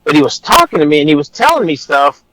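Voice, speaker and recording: A man's voice: fairly high pitch, very animated, quick pace, noisy background. A man, an officer, telling a personal story in a casual, rambling way, blunt and swearing at times. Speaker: officer guest.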